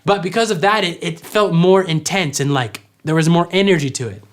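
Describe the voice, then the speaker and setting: A man teaching worship vocals, explaining clearly and singing short examples. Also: fairly high pitch, fairly quick. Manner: clear, instructive, demonstrates by singing. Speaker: vocal coach. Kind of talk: vocal tutorial with sung examples.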